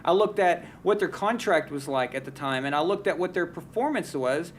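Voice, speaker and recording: A man's voice: fairly high pitch, expressive, moderate pace, slight background noise. A man hosting a casual live sports talk stream, giving blunt, heated opinions and often restarting his sentences. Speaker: sports talk show host.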